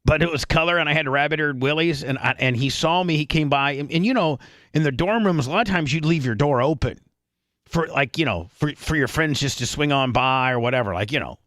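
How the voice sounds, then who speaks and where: A man's voice: fairly high pitch, expressive, a little fast, a bit bright, no echo, studio quality. Rambling radio host in his fifties. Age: 50s. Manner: rambling storyteller, frequent restarts and throat-clearing. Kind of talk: casual chat.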